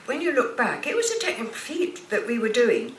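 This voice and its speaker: A woman in her seventies, an actress guest telling expressive stories at a stage Q&A. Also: fairly high pitch, fairly quick, slight background noise. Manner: animated, expressive storyteller. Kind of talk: anecdotal panel chat. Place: cinema stage Q&A. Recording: echoey hall, picked up from far.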